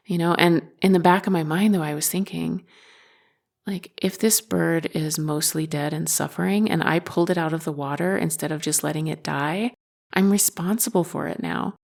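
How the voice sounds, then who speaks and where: Woman, low voice, candid personal storytelling, self-mocking, swears casually. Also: creaky. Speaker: podcast host.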